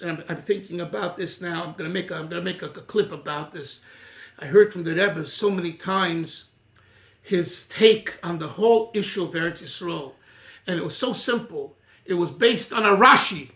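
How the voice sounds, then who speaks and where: A middle-aged man, a rabbi, teaching an informal Torah class in an animated, digressive way and chuckling often. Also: high-pitched, echoey room.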